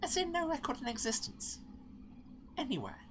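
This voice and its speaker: A woman's voice: sits high, big pitch swings, normal speed, noisy background, voice pushed up. A woman voicing a bubbly young female records assistant in a game, chirpy and singsong.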